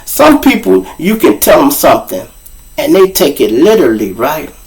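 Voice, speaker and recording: Animated Chicago man telling stories. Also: fairly high pitch, normal speed, vocal fry, low-quality recording. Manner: profane, animated, acts out voices. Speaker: show host. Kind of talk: comic storytelling.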